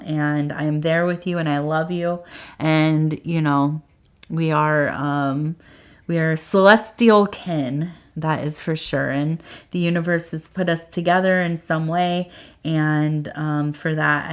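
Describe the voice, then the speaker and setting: Deep, clear and resonant, this woman's voice moves slowly with fairly even intonation as she says a casual goodbye after reading tea leaves. Hesitant and rambling with many fillers, she sounds earnest, affectionate and near tears.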